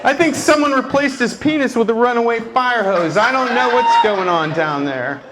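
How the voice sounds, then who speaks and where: A man's voice: extremely high pitch, moderate pace, heavy background noise. A man doing a stand-up comedy set in a night club, acting out quotes with lots of energy. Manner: animated, acts out quotes. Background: laughing crowd.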